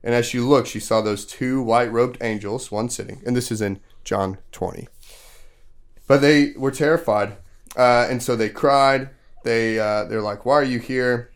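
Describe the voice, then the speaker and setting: A man's voice: medium pitch, steady tone, normal speed, smooth. A male podcast host casually retelling a Bible story to children, full of fillers and often stopping to quiz them. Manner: casual, asks the kids questions; loose storytelling with many fillers.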